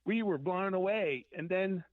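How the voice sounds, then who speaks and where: A man's voice: high voice, a little slow, no room sound. A man guest in an interview telling band stories in a rambling way, acting out what people said. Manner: rambling, acts out quotes from memory. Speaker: musician guest. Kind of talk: casual interview storytelling. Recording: tinny phone line.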